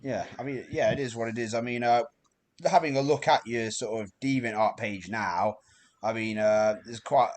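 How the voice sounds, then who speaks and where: A man hosts an unscripted podcast chat at a middle pitch. He talks in a halting way, restarting his sentences and padding them with fillers. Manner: hesitant, many fillers and restarts. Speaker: podcast host.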